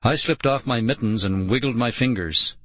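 A man giving steady, measured first-person narration of an audiobook. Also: mid-range voice, no room sound.

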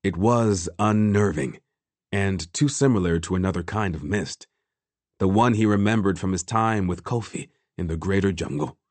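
A man reading a fantasy novel aloud as scripted narration, measured and grave. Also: deep voice, darkish tone, no echo. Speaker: audiobook narrator.

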